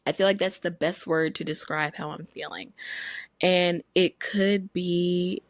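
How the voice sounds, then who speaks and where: A woman's voice: on the low side, steady tone, unhurried, dry recording. A woman hosting a podcast in casual chat, rambling in a playful, self-mocking way while running on no sleep. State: sleep-deprived. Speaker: podcast host.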